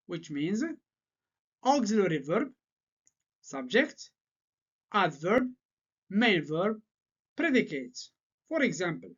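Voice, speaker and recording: Slow, deliberate male English teacher. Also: sits high, sing-song, a bit bright, slightly rough. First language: French. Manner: slow, deliberate explaining with repeated patterns. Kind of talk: grammar lesson. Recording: slightly dull lo-fi sound.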